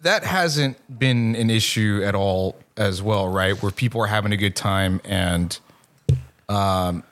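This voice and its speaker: A man hosts a casual podcast chat, feeling his way through his questions with restarts. His voice sits on the low side. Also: a little slow, a bit bright. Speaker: podcast host.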